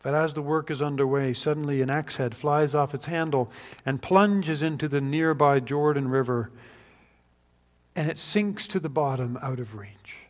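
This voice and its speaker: A man's voice: a little high, normal speed. Earnest preacher man in a reverberant hall. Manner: earnest, pleading, rising to fervent questions. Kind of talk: sermon.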